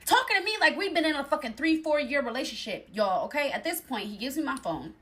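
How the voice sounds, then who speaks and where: A young woman telling a dating story in a casual storytime, animated and acting out the other people's voices. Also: sits high, fast. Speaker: storyteller in a clip.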